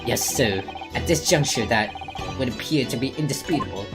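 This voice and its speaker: A stiff military sergeant testifies in clipped, proper phrases, as a woman reads him out. The voice sits low, over clear game music. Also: moderate pace.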